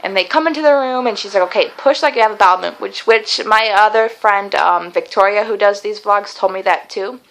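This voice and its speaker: A woman's voice: mid-range voice, brisk, creaky, few pauses, a bit bright, poor audio. A young woman telling a long personal story in a casual vlog, chatty and rambling, with many fillers and restarts. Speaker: vlogger.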